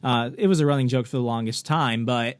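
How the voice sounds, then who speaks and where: A man in a loose, rambling chat, full of "like" and "you know", at an ordinary middle pitch. The recording is dry and close, with no room sound. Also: a little fast, dry recording. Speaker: podcast host. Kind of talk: casual chat.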